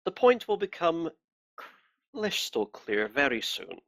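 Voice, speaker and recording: A man's voice: on the high side, takes it slowly, gravelly, no room sound, pitched above the performer's own voice, full character voice. A man doing a cold, polite inquisitor. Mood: coldly polite. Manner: calm, formal and menacing.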